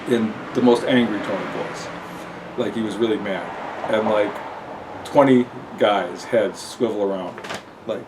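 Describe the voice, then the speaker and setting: A man's voice: sits low, fairly even intonation, moderate pace, noisy background. A man telling a personal story in a rambling, self-mocking way, with many fillers. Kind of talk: casual spoken storytelling.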